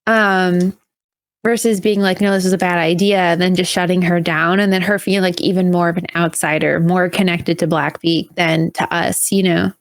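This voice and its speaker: A woman's voice: fairly low pitch, steady tone, moderate pace, dry recording. Earnest woman, dry close sound. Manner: earnest, with many "you know" and "like" fillers. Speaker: tabletop game player. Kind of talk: casual chat about a tabletop campaign.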